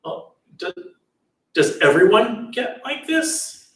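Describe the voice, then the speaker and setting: A man's voice: high voice, very animated, moderate pace, bright, forceful tone, very echoey, recorded from a distance, pitched above the performer's own voice, heavily acted, poor audio. A man doing an anxious sheltered young prince. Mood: bewildered. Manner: anxious, insistent questions.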